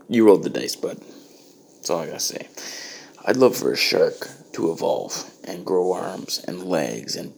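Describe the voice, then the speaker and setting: A man's voice: deep voice, gravelly, husky. A man delivering a profane, exasperated comedic rant. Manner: ranting, exasperated, heavy swearing.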